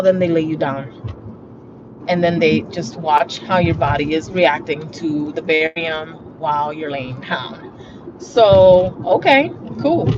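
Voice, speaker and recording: A woman talking casually and bluntly to her viewers while driving, swearing freely as she chats. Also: deep voice. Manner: blunt and profane, chatty. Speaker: vlogger. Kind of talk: casual car vlog monologue. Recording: muffled lo-fi audio with road noise. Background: traffic and road noise.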